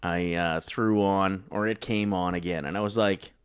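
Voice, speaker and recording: A man's voice: low-pitched, fairly even intonation, moderate pace, clean tone. A man co-hosting a casual morning talk show, rambling and joking as he chats. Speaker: co-host.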